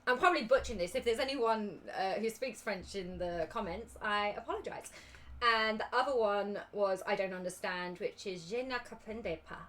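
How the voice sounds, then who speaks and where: A woman's voice: medium pitch, moderate pace, a bit bright. A young woman with an English accent, chatting casually on a livestream as a cosplay judge while she works on a craft project. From England. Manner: chatty, giggly, rambling.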